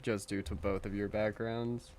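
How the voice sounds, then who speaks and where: A man's voice: on the low side, little pitch movement, normal speed, darkish tone, slight background noise. A man acting as game master of a tabletop game, talking in a laid-back way and laughing easily.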